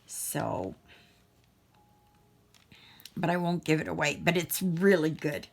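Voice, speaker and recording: A woman's voice: sits low, animated, slow, vocal fry. A middle-aged Canadian woman chatting casually while crafting, rambling and often breaking off mid-sentence. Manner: rambling, self-interrupting, chatty. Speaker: craft vlogger.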